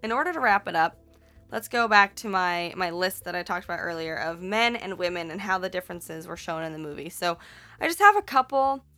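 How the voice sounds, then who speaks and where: A woman with a bright, forceful voice talks through a movie plot in a loose, chatty way. She rambles, corrects herself mid-sentence and tosses in playful swearing, with soft music faintly underneath. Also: fairly low pitch, expressive, a little fast. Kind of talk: casual movie recap.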